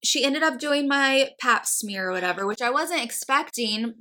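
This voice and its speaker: A woman's voice: high-pitched, expressive, normal speed, bright, forceful tone. A young American woman chatting casually, telling a long personal story and acting out the dialogue, with a lot of "like"s. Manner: chatty storytelling, acts out quoted dialogue, many "like"s. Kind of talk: casual chat.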